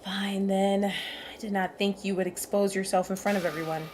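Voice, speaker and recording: A woman's voice: medium pitch, steady tone, moderate pace, darkish tone, a little hiss or hum, natural voice. Villain: haughty, dismissive male mastermind, read by a woman. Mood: contemptuous. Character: cold, condescending male schemer.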